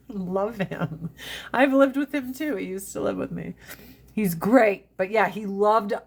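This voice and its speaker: A woman's voice: mid-range voice, a little slow, gravelly, husky. A woman in her forties chatting on a live stream, swearing freely, laughing often and mimicking her family in funny voices. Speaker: livestream host. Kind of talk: casual chat on a live stream. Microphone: phone.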